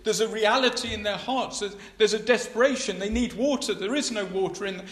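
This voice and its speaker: A man reading scripture aloud and then preaching on it, often halting and repeating words as he searches for the next phrase. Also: high-pitched, a bit bright, echoey room.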